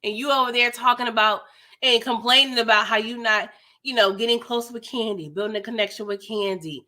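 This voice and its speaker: A woman's voice: fairly high pitch, fairly quick, bright, forceful tone. A young woman giving a sassy, slangy, casual recap of a reality TV episode, full of "like" and "girl".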